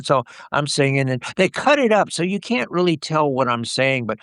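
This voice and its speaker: A man's voice: medium pitch, animated, brisk, few pauses, fairly bright tone, no echo, studio quality. Older man rambling through anecdotes. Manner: rambling anecdotes with many "you know"s and restarts. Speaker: guest, actor. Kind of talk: casual interview storytelling.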